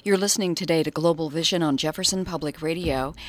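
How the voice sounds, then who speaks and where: A woman's voice: deep voice, fast talker, no echo. A woman hosting a public radio interview, friendly and interested in her guest. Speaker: radio host. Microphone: studio microphone.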